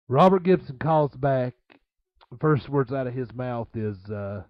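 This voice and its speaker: A man's voice: mid-range voice, animated, a little slow, no room sound. A man spins rambling wrestling road stories, breaking into laughs and stacking up fillers as he goes. His voice sits in a middle register, in a dry room with a dull, lo-fi sound. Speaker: interview guest, former wrestler. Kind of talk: casual storytelling.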